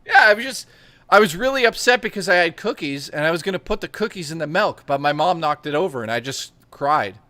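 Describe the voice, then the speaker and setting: Young man, crude animated storyteller, bright tone, dry recording. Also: on the high side, brisk, no echo. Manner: crude, animated storytelling with lots of swearing and laughter. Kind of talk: casual chat.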